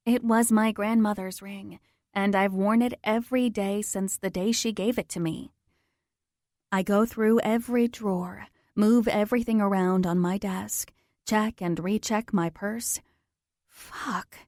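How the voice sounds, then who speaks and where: A woman's voice: mid-range voice, a little mellow, no echo, studio quality. A woman narrating a romance audiobook in the first person, intimate and emotional.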